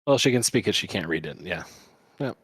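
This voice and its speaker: A man with a very low voice co-hosting a podcast and giving measured, critical commentary in casual chat. The sound is dry and close. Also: lively intonation, a bit bright, husky, no room sound. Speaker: podcast co-host.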